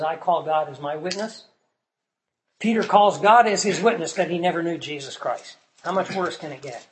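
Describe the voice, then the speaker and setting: A man teaching scripture in sermon style, asking the listeners questions and swinging from soft to loud for emphasis. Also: a little high, low-quality recording. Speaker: Bible teacher.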